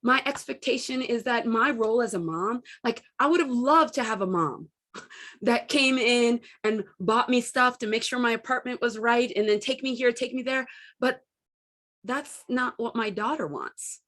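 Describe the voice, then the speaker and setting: A middle-aged woman coach gives a candid self-help talk, telling personal stories and animatedly acting out what people said. Her voice is on the high side, at a moderate pace.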